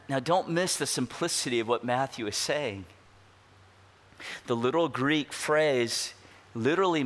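A pastor delivering an expository sermon, asking rhetorical questions and slowing down to stress key words. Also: male voice, mid-range voice, fairly bright tone. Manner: emphatic, rhetorical questions, slows down for weight.

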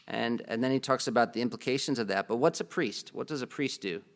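A man's voice: mid-range voice, fast. Casual man preaching a sermon. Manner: conversational, asks the congregation questions, joking asides. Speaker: pastor.

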